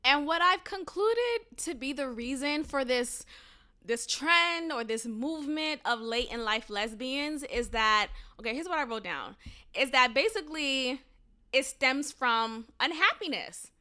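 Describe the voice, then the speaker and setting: A woman's voice: high-pitched, expressive, a little slow, sharp tone. A young woman hosting her own podcast, talking casually and animatedly, swearing freely and laughing at her own jokes. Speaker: podcast host. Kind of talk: casual solo podcast commentary.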